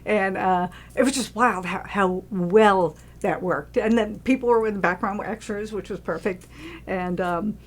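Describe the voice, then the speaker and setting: A woman's voice: medium pitch, moderate pace. A woman from New York, a film producer, telling stories in casual chat and acting out what people said. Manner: animated storyteller, acts out quotes.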